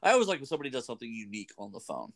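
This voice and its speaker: A man's voice: mid-range voice, huge pitch swings, very fast. A man hosting a radio show, rambling casually with many fillers. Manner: rambling, chatty, lots of fillers. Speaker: radio host. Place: radio studio.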